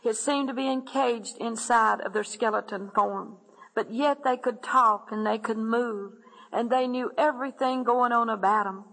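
A woman's voice: on the high side, normal speed, a bit bright, in a large hall, poor audio. A woman earnestly narrating a dramatic religious testimony, often speaking directly to her listeners. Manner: earnest, addresses listeners as "my friend".

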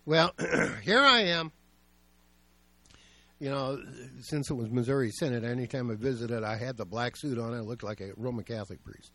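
A man's voice: mid-range voice, normal speed, bright, forceful tone, dry recording. Man preaching a conversational sermon. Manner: storytelling, plain and conversational. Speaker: pastor.

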